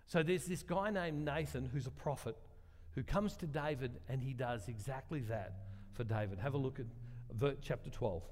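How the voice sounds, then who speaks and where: A man preaching a sermon, retelling a story in a relaxed, conversational way and reading scripture passages aloud. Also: mid-range voice, moderate pace. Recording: long reverb of a large hall.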